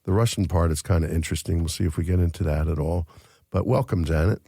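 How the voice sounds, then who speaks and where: A man's voice: deep voice, fast, creaky, warm tone, dry recording. A man hosting an interview from a studio, chatty and joking, with lots of fillers. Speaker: podcast host.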